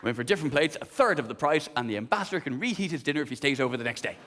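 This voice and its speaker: Animated, sweary male stand-up comic. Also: fairly high pitch, rapid-fire, crowd noise, noisy background. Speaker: stand-up comedian. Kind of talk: live stand-up comedy. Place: large theatre stage. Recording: long theatre hall reverb.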